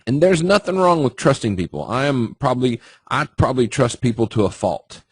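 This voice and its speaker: A man's voice: mid-range voice, expressive, brisk, breathy edge, no room sound. A man teaching trading in a casual webinar, talking conversationally and asking the audience questions. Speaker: trading educator.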